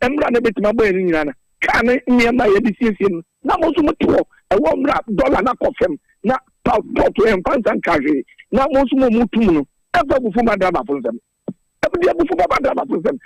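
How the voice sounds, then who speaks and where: A man's voice: extremely high pitch, no echo, poor audio. A man from Ghana speaking as a drivers' union spokesman in a radio interview, earnestly reeling off prices and figures.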